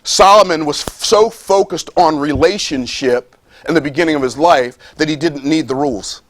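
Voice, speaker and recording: A slightly high-voiced man delivers a preaching-style motivational talk to a live business-seminar audience, emphatic and playful throughout. Repeating phrases, acting out the voices he quotes, and reading scripture slowly, he's recorded without echo.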